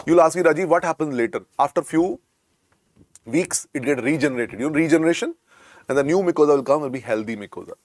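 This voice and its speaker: A middle-aged Indian-accented man teaches a medical exam class, repeating each point and coaxing his students. His voice sits a little high and swings widely in pitch. The recording is dry and close. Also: animated, fast, a little mellow, no room sound. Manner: repetitive, coaxing, calls students "beta". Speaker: medical lecturer. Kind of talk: exam coaching lecture.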